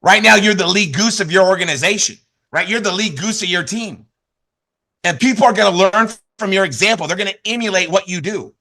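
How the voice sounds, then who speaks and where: A high-pitched man speaks fairly quickly as he gives his team a lively motivational training talk via video call. He repeats points again and again and keeps asking "right?"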